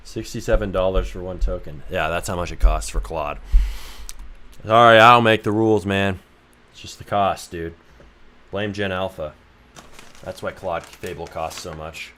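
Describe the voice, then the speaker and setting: A man's voice: low voice, unhurried, pauses often, a bit bright. A young man streaming game development who jokes, swears freely and reads his chat aloud. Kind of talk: casual livestream chat.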